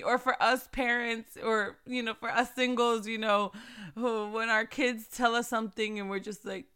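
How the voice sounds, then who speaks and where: A woman in her thirties hosting a faith podcast, talking in a chatty, animated way and addressing listeners as "sis". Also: on the high side, normal speed, smooth. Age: 30s. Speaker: podcast host. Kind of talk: casual faith podcast talk.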